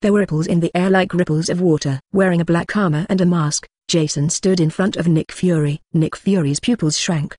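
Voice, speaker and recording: A text-to-speech voice reading a web novel audiobook in flat, even narration. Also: mid-range voice, brisk, hardly any pauses, dry recording. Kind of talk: scripted narration.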